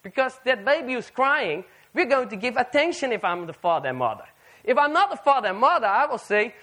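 A man preaching a sermon to a live audience, animated and firing rhetorical questions at the listeners. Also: very high voice, moderate pace.

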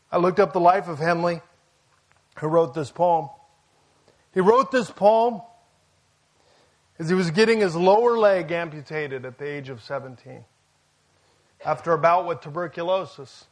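A pastor with a fairly high voice preaches to his congregation. He keeps it conversational, dropping in jokes and asides as he goes. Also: a little slow, pauses often. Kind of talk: sermon.

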